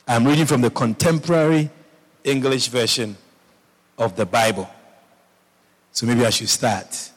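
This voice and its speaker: Male preacher, mid-pitched, unhurried delivery, repeats lines and asks the room if they follow, heard with a lingering hall echo. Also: steady tone. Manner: repeats phrases, checks in with the congregation. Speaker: pastor. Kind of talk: sermon. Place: church.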